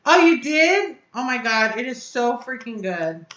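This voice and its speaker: A vape reviewer hosts a casual live chat, effusively answering her viewers' comments aloud. Her voice is on the high side, very animated and fairly bright, yet unhurried. The sound is lo-fi and reverberant.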